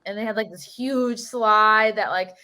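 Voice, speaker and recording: A woman hosting a livestream, chatting casually, reacting loudly and reading viewer messages aloud. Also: medium pitch, measured pace. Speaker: livestream host.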